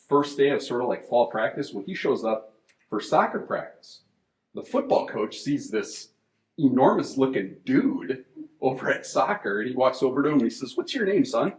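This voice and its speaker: A man's voice: mid-range voice, moderate pace. Male moderator, easy anecdotal delivery, roomy echo. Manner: relaxed anecdotal storyteller. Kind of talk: storytelling. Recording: echoey room.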